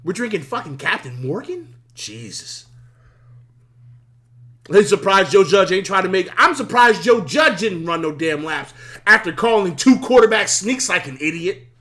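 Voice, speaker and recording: This high-pitched man, hoarse from yelling, hosts a sports talk stream live at an ordinary speed. He's worked up and profane, with frequent laughter and repetition.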